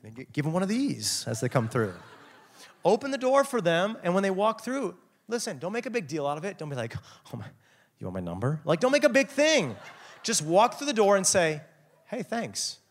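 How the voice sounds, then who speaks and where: An energetic young man delivering a youth sermon, his pitch leaping around as he acts out little scenes and jokes. He preaches casually and lets his voice jump high for effect. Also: fairly quick. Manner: animated, jokey, acts out quotes with big pitch swings. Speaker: youth pastor. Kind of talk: lively sermon.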